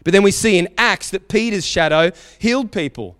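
A man with an Australian accent preaching a sermon as pastor, telling stories with animated, acted-out quotes. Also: high voice, a little fast, clear, resonant tone, dry recording, studio quality, big-room sound. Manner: animated storytelling, acting out quotes. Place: church hall.

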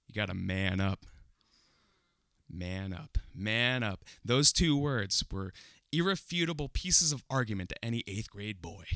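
A young man telling a funny personal story to an audience, animated and often breaking into laughter as he builds the tension. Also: fairly low pitch, no room sound, studio quality.

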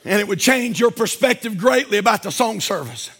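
A man preaching in a church with a very high, bright, ringing voice. He builds to fervent shouts, then drops into low asides to the congregation. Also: expressive, a little fast, husky. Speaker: pastor. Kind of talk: sermon. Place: church sanctuary.

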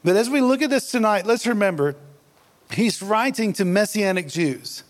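A man preaching a sermon in a relaxed, conversational way, joking and laughing at himself. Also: sits high, normal speed. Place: church hall. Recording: long hall reverb.

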